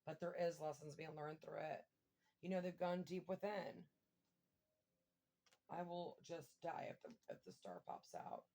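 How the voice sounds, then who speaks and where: Excitable woman with a gravelly voice reading tarot. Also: sits low, a little slow, long pauses. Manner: excitable, exclaims and swears, thinks aloud. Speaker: tarot reader. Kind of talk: casual tarot reading to camera.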